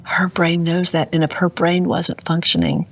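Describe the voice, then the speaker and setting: A woman's voice: lowish voice, little pitch movement, normal speed, slight background noise. A middle-aged woman, a guest on an interview show, telling a personal story in an earnest, vivid way and often addressing the host. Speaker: guest entrepreneur. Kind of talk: emotional storytelling.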